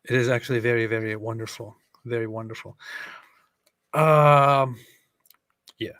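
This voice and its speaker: A man's voice: mid-range voice, steady tone, a little slow, fairly bright tone, no echo. A man co-hosting a casual livestream, joking and reading viewer comments aloud. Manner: joking, reads comments aloud, laughs often.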